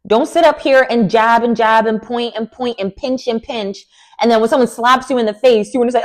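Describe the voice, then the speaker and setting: A young woman with a sassy, animated manner, giving an opinionated recap of a reality TV show. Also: fairly high pitch, brisk. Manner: animated, sassy, lots of "like" and "girl". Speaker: recap vlogger.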